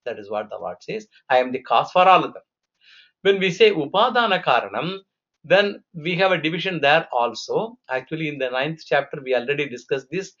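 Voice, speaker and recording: Male scripture teacher, fairly high voice, patient, poses his own questions, muffled lo-fi audio. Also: lively intonation, brisk, fairly bright tone. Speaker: Vedanta teacher. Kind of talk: scripture lecture. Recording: dull lo-fi recording.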